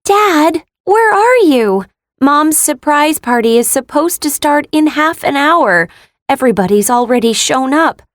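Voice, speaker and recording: A woman's voice: sits high, animated, measured pace, no room sound. A woman playing a young adult daughter who answers her father's phone call in a scripted listening exercise, sounding urgent.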